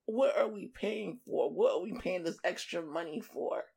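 A woman co-hosting a podcast in casual chat, telling a story in an animated, profane way and acting out the other people in it. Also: on the low side, normal speed, gravelly, breathy edge. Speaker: podcast co-host.

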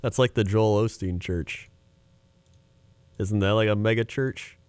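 A man in casual comedic chat, easygoing and quick to laugh. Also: fairly low pitch, darkish tone, clean tone, no room sound.

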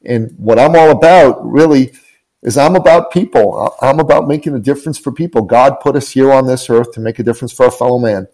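A man's voice: mid-range voice, a little fast, a little mellow, low-quality recording. Earnest coach guy, mid voice, keeps repeating himself for emphasis. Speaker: guest, business coach. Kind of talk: inspirational storytelling.

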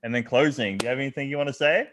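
A man's voice: medium pitch, rapid-fire, fairly bright tone, a little hiss or hum. A man hosting a podcast, delivering chatty, upbeat sign-off patter to listeners. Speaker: podcast host. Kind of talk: casual podcast chat.

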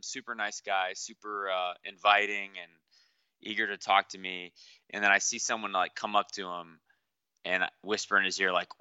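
A man co-hosting a podcast over a remote call, telling a rambling story with halting restarts. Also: fairly low pitch, sharp tone, clear, resonant tone, dry recording, dull audio. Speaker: podcast co-host. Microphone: remote call setup.

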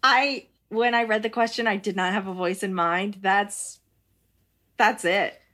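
A woman co-hosting a podcast, speaking in an earnest, slightly deadpan way. Her voice is of middle pitch and sounds conversational. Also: unhurried. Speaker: podcast co-host. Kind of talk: casual chat.

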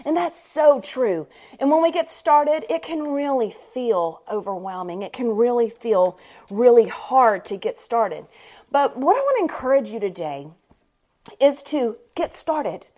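Woman, podcast host, chatty and animated storyteller, slightly high voice. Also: a little slow. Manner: chatty and animated, with frequent laughs. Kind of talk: casual storytelling monologue.

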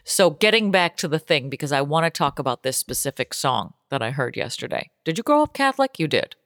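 A woman co-hosting a podcast, chatting casually with animated, exaggerated reactions. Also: sits low, a little fast, no room sound, clean studio sound. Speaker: podcast co-host. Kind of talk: casual chat.

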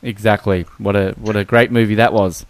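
A man co-hosting a podcast, chatting casually and jokily about films, with halting restarts. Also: on the low side, flat delivery, dry recording. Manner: rambling, joking, halting restarts. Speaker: podcast co-host. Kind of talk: casual film chat.

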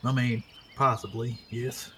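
A man's voice: medium pitch, level tone, a little slow, fairly bright tone, a little hiss or hum. A man playing a tabletop game in character, blunt and laid-back. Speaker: player.

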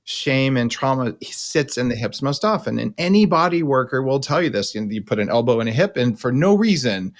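In a coaching conversation on his podcast, a middle-aged host lays things out at length, bluntly and casually, for his guest. He talks a bit quickly in a mid-range voice with lively intonation and hardly pauses.

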